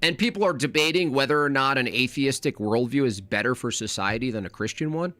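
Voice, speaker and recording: A man's voice: medium pitch, brisk, sharp tone, no room sound. A man hosting a live reaction stream, arguing combatively and mocking his opponents, sometimes mimicking them in silly voices.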